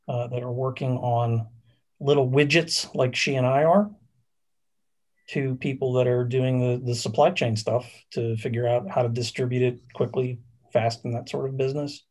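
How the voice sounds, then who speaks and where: A man's voice: medium pitch, little pitch movement, moderate pace, darkish tone. A man professor on a university panel, folksy and wry, with hesitant restarts. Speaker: chemical engineering professor, panelist. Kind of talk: panel discussion.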